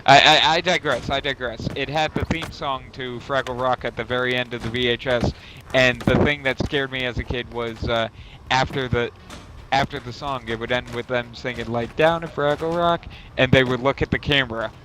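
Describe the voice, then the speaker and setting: A young man talks casually over a game stream, drifting through a long story, swearing and restarting his sentences. His voice sits at an ordinary, middle pitch. A clear layer of background noise runs under the recording. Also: little pitch movement, normal speed, sharp tone. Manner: rambling, profane storytelling with self-corrections. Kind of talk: casual chat while gaming. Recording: noisy stream audio.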